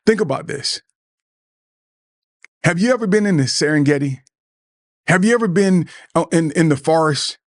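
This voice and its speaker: A middle-aged man with a slightly high voice gives an earnest talk to other men, urging them to open up. He talks like a preacher, repeats words and stumbles over them, and slips into the voices of friends he quotes. The sound is close and dry. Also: lively intonation, normal speed, pauses often, no room sound. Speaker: podcast host.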